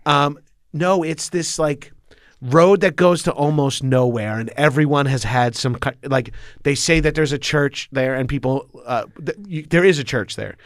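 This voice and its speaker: A man's voice: a little high, moderate pace, no echo, clean studio sound. A man from Long Island, telling a story as a podcast guest in loose, rambling chat. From Long Island, New York. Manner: loose, rambling, swears and laughs often.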